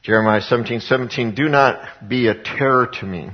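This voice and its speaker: A man preaching a sermon, reading scripture and explaining it in plain talk. His delivery is conversational, full of fillers and restarts, and turns emphatic at times. The voice sits in a middle pitch, and the recording sounds a bit dull and lo-fi. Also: brisk, breathy edge. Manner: conversational, with frequent fillers and repeated words, rising to emphatic.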